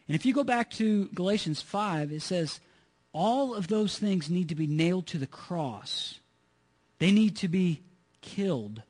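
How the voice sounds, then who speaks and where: A man with a high voice preaches to his congregation. He talks earnestly, repeats his points and asks rhetorical questions. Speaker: pastor. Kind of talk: sermon.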